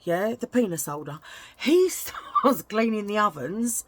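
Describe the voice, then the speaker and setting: A woman's voice: mid-range voice, big pitch swings, unhurried, no room sound. A woman telling a casual story to her vlog viewers, chatty and indignant, often adding "right?". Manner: chatty, indignant, tag questions. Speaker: vlogger.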